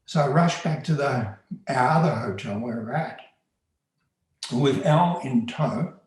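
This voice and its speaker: In a very echoey space, a man with a mid-range voice tells a first-person tale of undercover work, speaking a little slowly. The tone stays sincere, straightforward and conversational.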